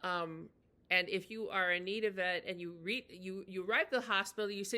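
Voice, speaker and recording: A woman teaching in a chatty, unscripted way, with many fillers and restarts, slowing down to model phrases. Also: mid-range voice, steady tone, sharp tone. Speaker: language teacher. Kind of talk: casual spoken lesson.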